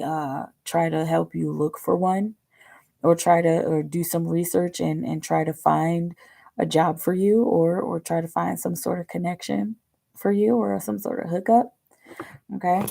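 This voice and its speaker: A woman's voice: lowish voice, vocal fry, dark tone. A woman giving a chatty live-stream tarot reading, rambling with lots of fillers and dropping now and then into whispered asides. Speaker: tarot reader.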